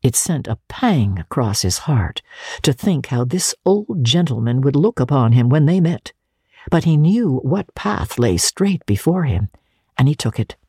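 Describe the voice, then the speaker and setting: A woman narrating a classic story as an audiobook, animated and lilting. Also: very deep voice, unhurried, husky, no room sound, clean studio sound. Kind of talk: expressive audiobook reading.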